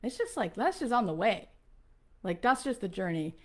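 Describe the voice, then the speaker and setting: A woman in her forties, a podcast host, talks her listeners through a personal story. She is earnest and animated and uses lots of fillers, and her pitch sits in an ordinary middle range. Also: normal speed. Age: 40s.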